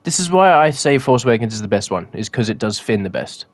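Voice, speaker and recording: A young man on a podcast speaks in a mid-pitched voice with lively intonation, giving short replies and teasing asides. The recording is dry and close. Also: quick pace, no room sound. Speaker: podcast co-host. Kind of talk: casual podcast chat.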